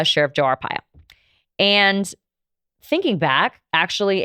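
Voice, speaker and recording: A woman's voice: deep voice, a bit bright, smooth, no room sound, clean studio sound. A woman in her thirties hosting a podcast, candidly telling a personal story in a casual, conversational way with frequent fillers. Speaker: podcast host.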